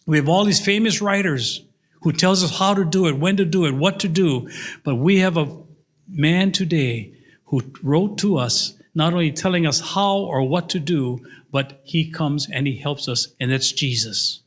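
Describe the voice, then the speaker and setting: An older man preaching a sermon to his church, telling stories and acting out the voices in them. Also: moderate pace. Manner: storytelling with acted-out voices and big pitch swings. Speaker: pastor. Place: church sanctuary. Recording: long hall reverb.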